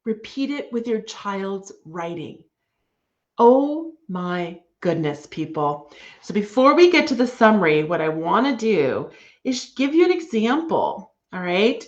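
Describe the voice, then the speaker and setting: A woman's voice: medium pitch, big pitch swings, measured pace. A woman giving a casual online writing lesson to parents, chatty and enthusiastic with frequent fillers. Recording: dull lo-fi sound.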